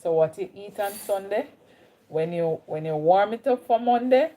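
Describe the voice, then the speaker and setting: A woman's voice: medium pitch, expressive, moderate pace, warm tone. A woman from Jamaica with a Jamaican accent, chatting casually on a livestream and greeting viewers by name. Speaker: livestream host. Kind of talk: casual live chat with viewers.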